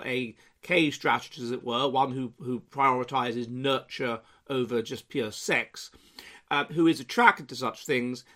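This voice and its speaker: A man's voice: medium pitch, a bit bright. A man explaining research in a lecturing tone, citing studies by title and often restarting his sentences.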